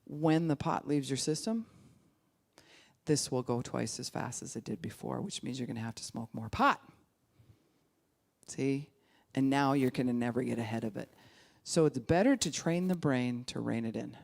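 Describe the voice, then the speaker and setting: A woman pastor giving a conversational sermon, animated, acting out quoted voices and sometimes dropping to a hushed, calm tone. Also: a bass voice, moderate pace, creaky.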